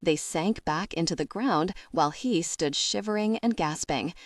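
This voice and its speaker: A woman narrating a first-person audiobook in a measured, expressive way. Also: on the low side, no echo, clean studio sound.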